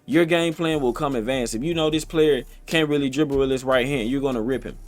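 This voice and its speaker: A man's voice: mid-range voice, fairly quick. Emphatic man talking straight to viewers. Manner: emphatic, repetitive, addresses viewers as guys and man; colloquial, streetwise phrasing. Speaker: motivational vlogger. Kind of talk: casual direct-to-camera talk. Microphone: streaming setup, computer recording.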